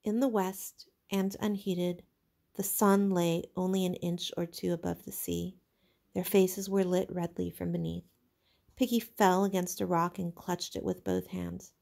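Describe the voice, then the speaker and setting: A woman teacher reading a novel aloud in measured, expressive narration. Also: on the low side, creaky. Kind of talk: storybook read-aloud.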